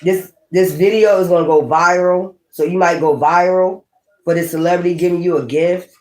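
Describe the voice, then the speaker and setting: A woman's voice: lowish voice, steady tone, moderate pace, a little mellow. A woman giving a blunt, chatty tarot reading. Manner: blunt and chatty, with swearing and laughs. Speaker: tarot reader. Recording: echoey room.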